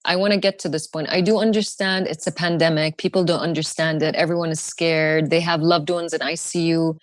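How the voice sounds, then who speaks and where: A young woman guest telling a story with fierce, fast, sarcastic intensity. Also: low voice, fairly even intonation, no echo. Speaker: podcast guest. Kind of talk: impassioned storytelling.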